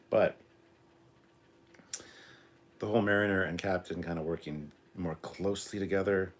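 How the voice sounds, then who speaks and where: A man's voice: low voice, fairly even intonation, slow, long pauses. A Canadian man in his forties, hosting a casual live reaction stream, rambling with many ums, reading chat aloud and apologizing for a cough. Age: 40s. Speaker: livestream host.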